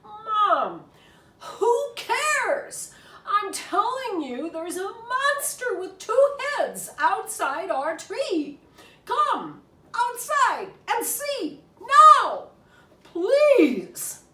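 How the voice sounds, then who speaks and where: A panicky little squirrel boy shrieks way up high, his voice jumping all over, as a woman reading a storybook puts him on. The sound comes from far off in an echoey room. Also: animated, slow pace, exaggerated voice. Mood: frantic. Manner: shouting, high-pitched. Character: excitable young male squirrel, loud and frantic.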